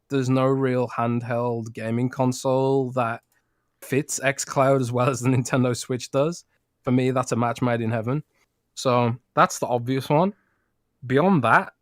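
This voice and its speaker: British guy co-hosting a gaming podcast, chatty, laughs a lot, mid pitch, dry close sound. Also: no room sound. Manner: chatty, laughs easily, many restarts. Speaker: podcast co-host. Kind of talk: casual podcast chat.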